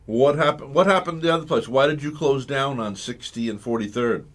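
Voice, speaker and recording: A male talk radio host runs a live call-in show in a folksy, chatty manner. He keeps asking the caller questions. His voice sits at an ordinary middle pitch. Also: brisk, fairly bright tone.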